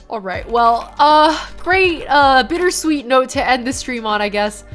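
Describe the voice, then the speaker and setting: A young woman streamer reads documents aloud flatly and chats with her viewers, turning tearful and giggly. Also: on the high side, normal speed, hardly any pauses, soft background music. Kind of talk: live-stream reading and chat.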